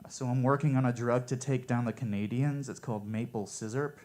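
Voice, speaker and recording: A man performing stand-up one-liners at a coffee shop open mic, with a deadpan, offhand delivery. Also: medium pitch, fairly quick, slight background noise.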